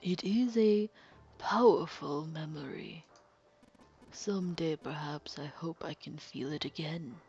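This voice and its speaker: A woman reading as a hushed, sadistic killer. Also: low-pitched, husky, muffled recording, soft background music, exaggerated voice. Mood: menacing calm. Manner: slow, hushed, mocking and polite. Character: calm sadistic middle-aged male killer. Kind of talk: dramatic reading of game text.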